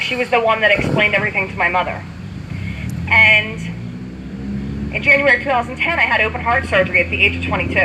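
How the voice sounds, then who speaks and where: A woman's voice: fairly high pitch, noisy background. A woman in her thirties giving a heartfelt personal testimony at a community event, talking in a conversational way with many fillers. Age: 30s. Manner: heartfelt, conversational, full of "you know" fillers. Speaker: speaker sharing a recovery story.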